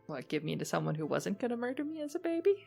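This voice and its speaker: Woman player, gravelly fry, wry delivery. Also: medium pitch, big pitch swings, quick pace, warm tone, soft background music. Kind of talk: casual chat during a tabletop game.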